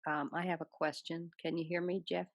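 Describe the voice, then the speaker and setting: A woman's voice: on the low side, level tone, fairly quick, gravelly, no room sound. A woman on a video call, hesitantly asking the teacher a question. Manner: hesitant, searching.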